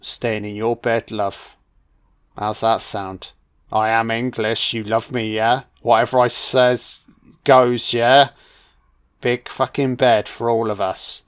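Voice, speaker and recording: A man's voice: medium pitch, flat delivery, slow, smooth, close to an everyday voice. A man doing a cocky, leering young Englishman. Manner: boastful, leering, lewd. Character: crude cocky young Englishman chatting up women.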